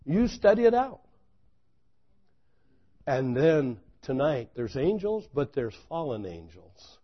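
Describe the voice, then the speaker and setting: A man preaching a sermon, telling a story dramatically, swinging from loud exclamations to hushed intensity. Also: on the high side, very animated, slow pace, breathy edge, dull audio.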